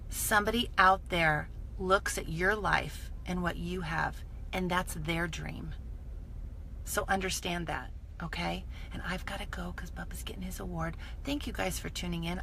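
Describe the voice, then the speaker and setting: A woman's voice: medium pitch, gravelly, bright, forceful tone, slight background noise. A woman giving an enthusiastic, emphatic motivational talk on a live stream from her phone, repeating her points for emphasis. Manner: enthusiastic, emphatic, builds with repetition. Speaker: direct-sales business mentor.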